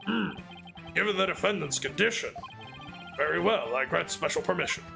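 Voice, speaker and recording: Guy putting on a crackly high old judge voice, fussy, jumps all over the place, game read-along. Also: lively intonation, normal speed, creaky, over music. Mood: stern. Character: old male courtroom judge, fussy and easily alarmed. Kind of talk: reading game dialogue aloud.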